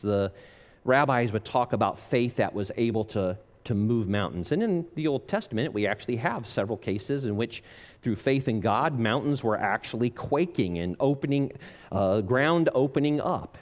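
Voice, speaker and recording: A man preaching a sermon in an earnest, measured way, slowing down and dropping low on key phrases. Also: expressive, a little mellow.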